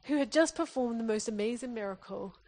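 A woman's voice: on the high side, brisk, darkish tone. A woman preacher from England giving an earnest sermon, often restarting her phrases as she exhorts the congregation.

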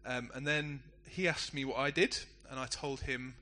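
Man, middle-aged pastor, bright sharp tone, easygoing anecdotal sermon. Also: mid-range voice, steady tone, moderate pace, few pauses, a little hiss or hum. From England. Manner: conversational, self-deprecating storytelling.

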